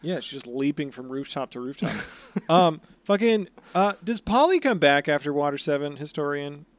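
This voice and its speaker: A man's voice: on the high side, lively intonation, moderate pace, no room sound. A man co-hosting a casual podcast chat, teasing and swearing with enthusiasm. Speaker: podcast co-host.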